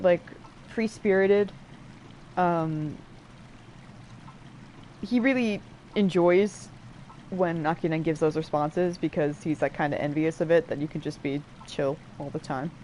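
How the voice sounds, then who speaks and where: A woman's voice: fairly low pitch, darkish tone, a little hiss or hum. A woman casually commenting on a game she plays, rambling with fillers and restarts while explaining the story. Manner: explains and interprets game dialogue aloud. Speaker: let's play streamer.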